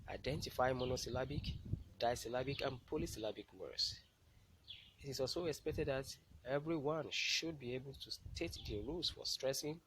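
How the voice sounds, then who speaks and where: A man's voice: mid-range voice, fairly bright tone, a little hiss or hum, rough recording. A man teaching a lesson, explaining step by step and stressing key words. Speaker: English language teacher. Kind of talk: classroom lecture.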